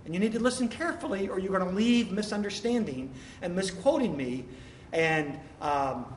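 High-voiced preacher in an echoey hall. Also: male voice, animated, normal speed, slight background noise. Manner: emphatic, with rhetorical questions. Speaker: pastor. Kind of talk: sermon. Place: church sanctuary. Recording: echoey hall, faint room ambience.

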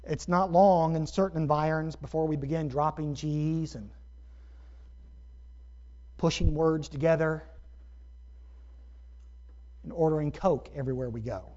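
Man, pastor from Ohio; conversational sermon delivery, fairly high voice, dull lo-fi recording. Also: unhurried, pauses often, mellow. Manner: conversational, rhetorical asides.

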